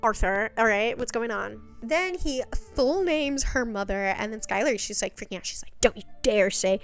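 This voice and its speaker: A woman's voice: on the high side, expressive, normal speed, a bit bright, soft background music. A young woman giving a casual, chatty recap of a web series, full of sassy, exasperated asides.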